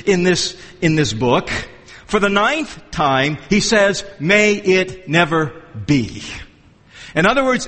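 A man's voice: high-pitched, pushed and bright, in a large hall. A man preaching an expository sermon, emphatic and repetitive, often restarting his sentences mid-thought. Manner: emphatic, repeats phrases for stress. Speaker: pastor.

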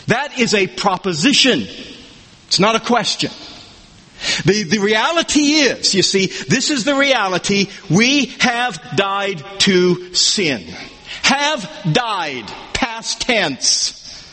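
Male preacher, emphatic sermon, high bright voice, husky edge, lively swooping pitch. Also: unhurried. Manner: emphatic, animated, swings between loud declarations and low asides. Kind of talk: expository sermon. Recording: long hall reverb.

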